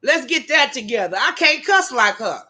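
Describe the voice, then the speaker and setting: A brash, foul-mouthed woman with a high, bright, edgy voice. She tells stories casually and straight to her livestream viewers, calling them "y'all". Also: very animated, normal speed. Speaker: livestream host. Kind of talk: casual storytelling to live chat viewers.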